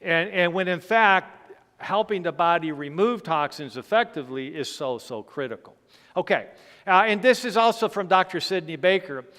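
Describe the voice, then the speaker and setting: High-voiced man lecturing in a reverberant hall. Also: lively intonation, moderate pace, a bit bright. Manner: explanatory, checks in with "Okay" and "Right?"; emphatic, stresses key points. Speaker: physician giving a health seminar. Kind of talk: health seminar lecture. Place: church hall.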